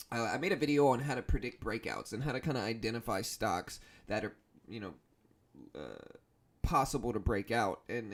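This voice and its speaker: A young man from South Louisiana with a Southern accent, hosting a stock trading livestream in a relaxed, rambling way with many fillers. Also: medium pitch. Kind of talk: casual livestream chat.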